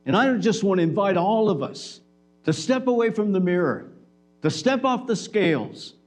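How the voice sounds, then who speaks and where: A man's voice: sits high, sing-song, normal speed. A man preaching a sermon in a church, conversational, with acted-out dialogue. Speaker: pastor.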